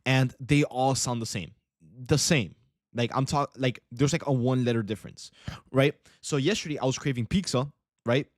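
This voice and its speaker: A man's voice: medium pitch, normal speed, no room sound, studio quality. A young man hosting a livestream, telling a rambling casual story and saying bro a lot. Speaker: livestream host, day trader.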